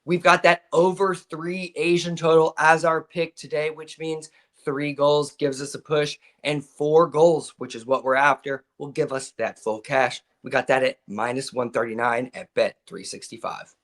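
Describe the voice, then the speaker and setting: An enthusiastic man breaking down soccer bets on a live betting show, patiently explaining how his wagers work. His voice sits slightly high for a man. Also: fairly even intonation, moderate pace, hardly any pauses. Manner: explanatory, enthusiastic about picks. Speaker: sports betting analyst.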